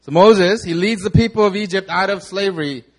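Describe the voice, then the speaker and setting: Man, young adult, pastor, high-pitched, casual sermon, dramatic retellings. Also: fairly quick. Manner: casual storytelling, acts out the crowd in dramatic voices. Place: church hall.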